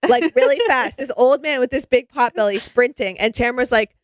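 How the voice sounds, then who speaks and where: Chatty, high-voiced woman retelling a show. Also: fairly quick, few pauses, dry recording. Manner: animated storyteller, heavy use of "like". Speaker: podcast co-host. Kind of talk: casual chat, animated retelling.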